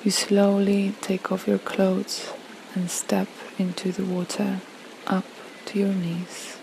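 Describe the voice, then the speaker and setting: A woman leading a guided relaxation visualization, speaking slowly and soothingly with long pauses. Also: medium pitch, little pitch movement, creaky, background noise. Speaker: yoga and meditation guide.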